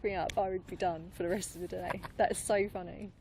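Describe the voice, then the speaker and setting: A woman improviser chatting casually as a podcast guest, lively and quick to laugh, with many fillers. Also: lowish voice, a little hiss or hum. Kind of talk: casual interview chat. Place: London.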